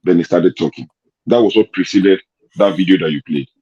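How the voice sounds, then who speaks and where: A man's voice: low voice, fairly quick, warm tone, breathy edge, muffled recording. A Nigerian man hosting an online discussion, arguing his case with pointed rhetorical questions. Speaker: host.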